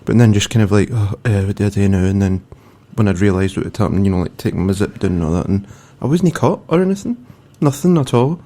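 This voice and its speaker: A man's voice: on the low side, expressive, fast talker, hardly any pauses, warm tone. A British man on a podcast, telling a childhood story in casual chat, laid-back and swearing now and then. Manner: laid-back, swears, laughs through his own anecdote. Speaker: podcast co-host.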